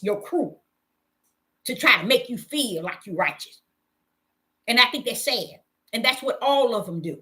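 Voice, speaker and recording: A woman's voice: fairly high pitch, pushed and bright. Woman preacher, impassioned and emphatic, scolding her listeners with heavy repetition. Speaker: self-styled preacher.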